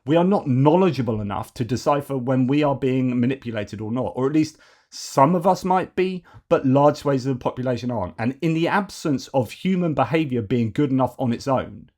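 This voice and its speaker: A man's voice: medium pitch, lively intonation, a little fast, darkish tone. A man hosting a news commentary show, talking in a digressive, argumentative way with many fillers and restarts. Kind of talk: opinionated news commentary monologue.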